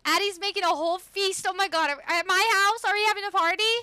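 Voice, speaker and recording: A young woman streaming a game live, bubbly, greeting viewers by name and swinging between excited squeals and quiet murmurs. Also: very high-pitched, a little fast, no room sound. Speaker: livestreamer. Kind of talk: live-stream gaming chat.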